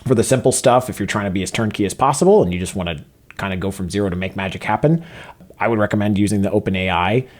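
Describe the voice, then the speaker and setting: A man with a fairly low-pitched voice narrates a screen-recorded coding walkthrough. He talks casually and steps through each line of code as he types it, often pausing on a filler uh. His delivery is relaxed and instructional. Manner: relaxed step-by-step narration of typed code, with frequent filler uhs. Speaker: software developer teaching a coding tutorial.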